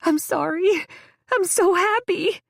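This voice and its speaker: A woman doing a shrill, over-the-top young woman, gushing and tearful, her high drawn-out words cracking into fry. The voice sits in a dry, close recording with no room around it. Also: expressive, darkish tone, no echo, heavily acted.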